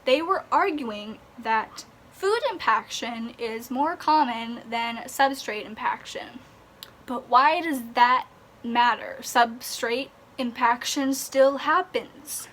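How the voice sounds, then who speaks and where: A woman's voice: fairly high pitch, slow, fairly bright tone. A young woman ranting in a vlog, exasperated and sarcastic, sighing and swearing. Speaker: vlogger.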